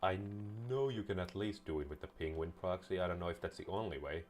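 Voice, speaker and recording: Male let's-player with a deep voice, dry sarcastic jokes and casual swearing. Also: fast talker, a little mellow, soft background music. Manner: sarcastic, joking, swears freely. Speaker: gameplay commentator. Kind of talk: casual let's-play commentary.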